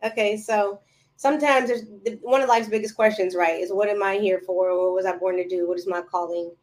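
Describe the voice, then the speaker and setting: A woman's voice: mid-range voice, fairly even intonation, a little fast, a little mellow. A woman guest on a podcast chatting casually and telling stories, acting out her own past dialogue. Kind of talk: casual interview chat.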